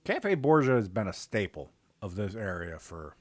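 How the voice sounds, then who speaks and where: A man's voice: lowish voice, moderate pace, dry recording. A man with a Chicago accent co-hosting a podcast, chatting casually and animatedly while tasting beers and plugging local restaurants. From Northwest Indiana. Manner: animated, rambling restaurant plugs. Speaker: podcast co-host. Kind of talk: casual beer-tasting chat.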